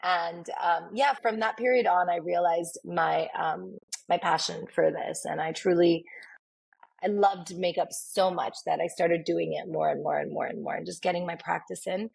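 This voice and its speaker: A woman speaks as a guest in a casual interview, telling stories with animation. Her voice sits a little low and is gravelly and husky. She often slips into the voices of people she quotes. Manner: animated, acts out quoted dialogue. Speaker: podcast guest, makeup artist.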